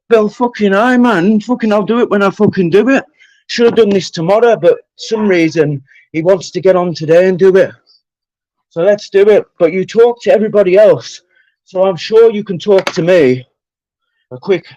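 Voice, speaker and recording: A man's voice: high voice, moderate pace, darkish tone, no echo, highs cut off. A British man ranting on a livestream, confrontational and swearing heavily. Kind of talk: angry livestream rant.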